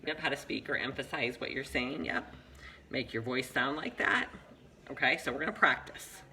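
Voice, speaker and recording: A man gives a one-on-one reading lesson, bright in tone and steadily encouraging. He explains each step plainly and praises the student often. A faint hum sits under the recording. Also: medium pitch, normal speed, low-quality recording. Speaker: reading teacher.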